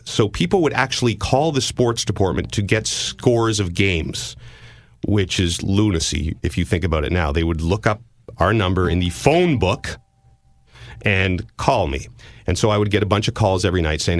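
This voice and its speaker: A man's voice: deep voice, sing-song, normal speed, dry recording. A middle-aged Canadian man, a podcast host and sportscaster, telling a story in casual, self-deprecating chat.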